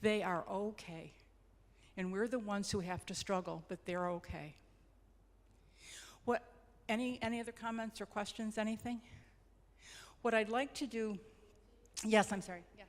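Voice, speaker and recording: A woman facilitates a grief support group in a reflective, gentle way. She returns to phrases for emphasis. Her mid-pitched voice carries a long reverb from a church hall. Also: steady tone, normal speed, pauses often.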